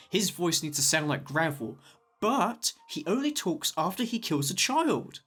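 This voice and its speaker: A man's voice: mid-range voice, fairly bright tone. A man narrating a scripted video essay, with wry, jokey asides.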